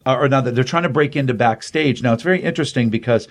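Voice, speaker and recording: A man in his fifties hosting a show, casually recapping a comic with lots of fillers and animated storytelling. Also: medium pitch, quick pace. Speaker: podcast host.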